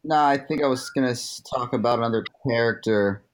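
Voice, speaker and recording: Man, ex-ballplayer, easygoing amused recollection, mid-pitched. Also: a little fast. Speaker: former ballplayer guest. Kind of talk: casual storytelling chat.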